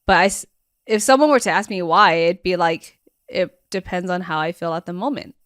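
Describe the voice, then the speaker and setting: A woman's voice: lowish voice, brisk, fairly bright tone, no room sound, clean studio sound. A woman co-hosting a podcast with her husband, talking chattily with lots of fillers. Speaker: podcast co-host. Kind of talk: casual chat.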